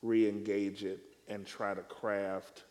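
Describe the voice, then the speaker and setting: Man, preacher, panel talk, slow, emphatic, long reverb. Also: lowish voice, little pitch movement, darkish tone. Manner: measured, emphatic, deliberate phrasing.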